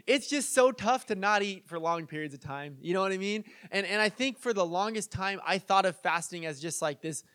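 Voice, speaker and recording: A man's voice: high-pitched, fairly bright tone, dry recording, studio quality. A young man preaching a casual, conversational sermon as pastor, telling stories and acting out the people he quotes. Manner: chatty, storytelling, acts out quoted voices.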